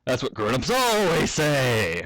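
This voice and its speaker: Guy doing a smug little pony filly, high and teasing, lots of up and down. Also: sing-song, unhurried, fairly bright tone, no echo. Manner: teasing, scornful. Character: cocky smirking little filly pegasus pony.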